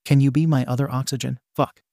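Man voicing shy teen boy, stammers, mid-pitched, storybook read-aloud. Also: flat delivery, a little fast, gravelly, mellow, no room sound, studio quality, natural voice. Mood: flustered. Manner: stammering, nervous. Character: shy flustered teenage boy in love.

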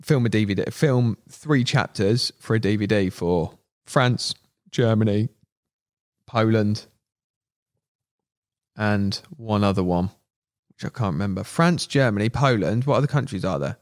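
A man's voice: lowish voice, a little slow. A young man, a podcast guest, telling stories in casual slang and acting out what people said. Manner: animated, slangy, acts out quotes. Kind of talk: casual storytelling.

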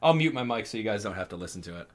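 A man hosting a gaming channel, talking straight to his viewers in an exasperated, animated way during live game commentary. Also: fairly low pitch, rapid-fire.

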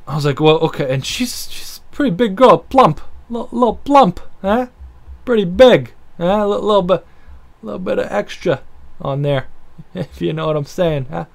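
Man with a high voice, profane sarcastic story-time ranter. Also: animated, moderate pace, vocal fry.

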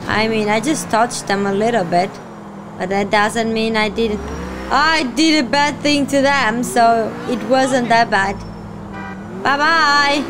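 Excitable woman reacting to a game. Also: a little high, takes it slowly, noisy background. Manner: excitable, exclaiming and swearing at the game. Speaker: gaming channel host. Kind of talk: casual let's-play reaction commentary. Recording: game sounds under voice.

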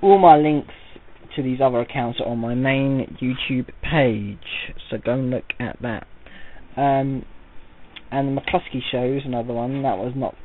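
A man's voice: mid-range voice, fairly even intonation, a little slow. A man rambling through an audio-only vlog, working himself up into an indignant rant. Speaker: vlogger. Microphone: voice recorded without camera. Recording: tinny, phone-like lo-fi audio.

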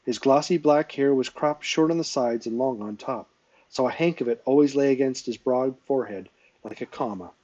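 A man reading a novel aloud live, telling it at a steady pace with small self-corrections. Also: medium pitch, moderate pace, distant mic, dull audio. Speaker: reader.

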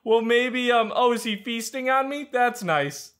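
A man's voice: extremely high pitch, a little slow, a bit bright. A man giving panicky, joking commentary over a game he is playing. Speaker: gaming YouTuber. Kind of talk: let's play commentary.

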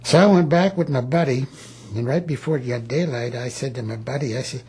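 A man's voice: mid-range voice, a little fast, a little mellow, husky. A man in his eighties, a war veteran, recalling his wartime days in a plain-spoken, rambling oral history. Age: 80s.

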